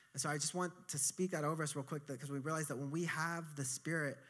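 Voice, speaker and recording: A male pastor preaching a sermon in an easygoing, chatty way. He has a mid-pitched voice and corrects himself mid-sentence. His delivery feels like he is talking straight to his congregation. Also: a bit bright. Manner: casual conversational preaching with asides and self-corrections.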